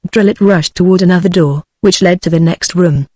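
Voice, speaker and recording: Synthetic british lady reading a novel aloud, even and steady, dry close sound. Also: on the low side, fairly quick, dry recording. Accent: British English. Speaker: narrator. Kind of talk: text-to-speech audiobook narration.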